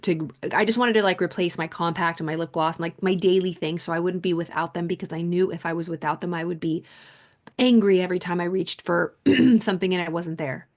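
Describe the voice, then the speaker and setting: A woman's voice: fairly low pitch, steady tone, brisk. A woman hosting a podcast, telling a personal story in a chatty, rambling way full of "like," earnest and reflective. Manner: rambling, chatty, heavy use of "like". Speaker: podcast host and coach. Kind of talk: casual storytelling monologue.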